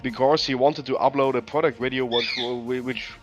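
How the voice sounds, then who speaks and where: A man's voice: medium pitch, steady tone, moderate pace, music in the background. A man in a casual chat who laughs often and stumbles over his words. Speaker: guest on a hobby stream. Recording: slightly dull sound.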